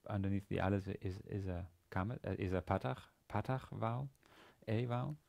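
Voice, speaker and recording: A man lecturing on a language lesson, speaking haltingly with many fillers and restarts. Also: lowish voice, creaky, darkish tone. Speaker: university lecturer.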